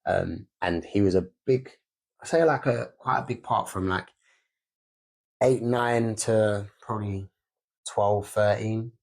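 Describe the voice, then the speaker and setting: A man's voice: on the low side, fairly even intonation, slow pace, gravelly. A young man, co-hosting a candid podcast about fatherhood and swearing freely as he talks. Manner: swears freely, re-enacts scenes loudly. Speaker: podcast co-host.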